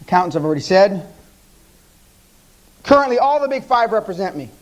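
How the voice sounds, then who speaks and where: A man's voice: sits high, very animated, a little fast, rough recording. An American man in his fifties giving a live seminar talk, telling brash stories laced with profanity. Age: 50s. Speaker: seminar speaker.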